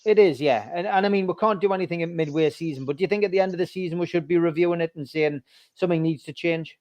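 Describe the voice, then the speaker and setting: A man's voice: on the high side, fast talker, a little mellow. A man hosting a casual football podcast, hesitant, with stammered restarts before he makes his points. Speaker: podcast host.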